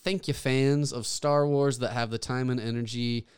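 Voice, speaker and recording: Smooth-voiced young man, rambling podcast chat. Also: mid-range voice, steady tone, moderate pace, darkish tone. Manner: enthusiastic, rambling with fillers and restarts. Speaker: podcast co-host. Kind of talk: casual chat.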